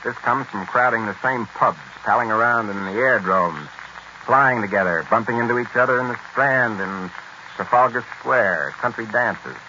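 A man narrating in a brisk, explanatory way, in a 1940s radio documentary. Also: mid-range voice, sharp tone, a little hiss or hum. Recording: dull lo-fi 1940s radio recording.

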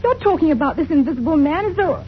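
An actress playing the vicar's earnest, soothing young daughter in a 1940s radio play, on a dull old recording. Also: female voice, sits high, lively intonation, fast, slight background noise.

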